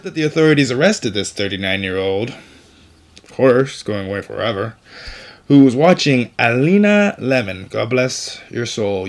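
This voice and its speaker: A man hosting an opinionated news commentary show, delivering stories with indignant, sarcastic asides. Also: medium pitch.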